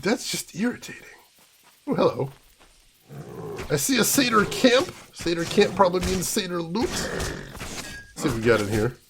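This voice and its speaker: A man's voice: high voice, sing-song, normal speed, pauses often, a bit bright, a little hiss or hum. A young American man streaming a game, chatting casually and mock-ranting playfully at his chat. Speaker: gaming streamer. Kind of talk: casual gameplay commentary.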